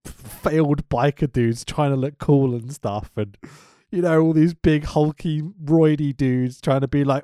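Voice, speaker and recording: A man's voice: fairly high pitch, a little slow, dark tone, clear, resonant tone, no echo, clean studio sound. A man co-hosting a casual wrestling recap podcast, laughing often and swearing freely. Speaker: podcast co-host.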